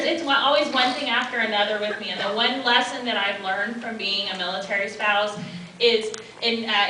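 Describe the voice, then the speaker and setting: A woman's voice: fairly high pitch, bright, forceful tone. A woman author speaking on a panel, telling wry stories with a laugh. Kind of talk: panel talk, humorous anecdote. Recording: echoey hall, distant mic, noise.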